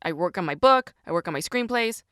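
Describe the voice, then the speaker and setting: A woman with a fairly low voice hosts a podcast, venting in a loose, profane, emphatic monologue. She keeps turning her questions back on herself. The sound is dry, with no room around her. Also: animated, fairly quick, a bit bright, smooth, no room sound. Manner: confessional and self-questioning. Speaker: podcast host.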